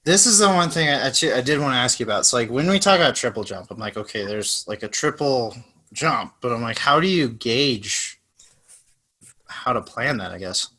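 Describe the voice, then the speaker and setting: A young man co-hosting a casual podcast, loose and jokey, peppering his talk with slang. His voice is bright and forceful, at an average pitch for a man. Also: expressive, brisk. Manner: laid-back, joking, lots of "like" and "dude". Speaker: podcast co-host. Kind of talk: casual chat.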